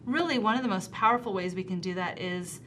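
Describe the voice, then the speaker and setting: A woman talking as a guest on a talk show about parenting, lively, acting out soft soothing words to a child. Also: mid-range voice, fast talker, slight background noise.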